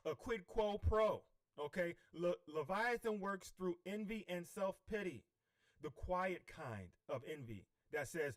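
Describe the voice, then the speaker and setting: A man's voice: sits high, animated, measured pace. A man coaching on spiritual healing in a livestream, preachy and repeatedly checking in with "okay?". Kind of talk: livestream teaching.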